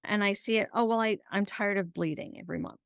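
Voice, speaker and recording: A woman's voice: mid-range voice, fast talker, creaky, no room sound, clean studio sound. A woman hosting a casual podcast interview, telling personal stories and acting out past conversations in a chatty way. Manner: chatty storyteller who acts out past conversations. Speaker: podcast host.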